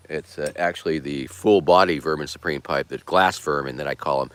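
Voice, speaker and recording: A man's voice: rumbling low, brisk, hardly any pauses, smooth, no echo. A man hosting a casual livestream who rambles in a laid-back way and swears casually. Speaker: streamer host.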